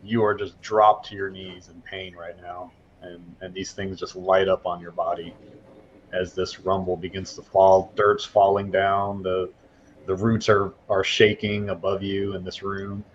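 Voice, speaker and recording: A man narrating as game master, halting with many fillers and restarts. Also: low-pitched, little pitch movement, lo-fi sound, slight background noise.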